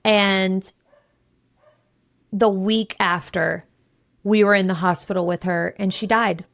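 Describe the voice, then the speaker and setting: A woman's voice: mid-range voice, fairly even intonation, takes it slowly, gravelly, fairly bright tone, no echo, clean studio sound. A woman in her thirties hosting a solo podcast, telling a personal story in a candid, emotional way, rambling and restarting her sentences. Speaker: podcast host.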